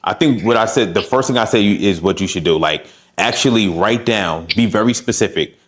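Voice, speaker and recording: A man's voice: fairly low pitch, normal speed, fairly bright tone. A man working as a fitness coach, giving direct, encouraging advice and talking through examples. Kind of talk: coaching session.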